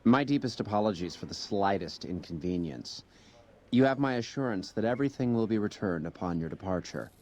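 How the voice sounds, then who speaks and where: A man's voice: lowish voice, animated, a little fast, a little mellow. An actor playing an elaborately courteous masked male casino doorman in a game. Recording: dull lo-fi game audio.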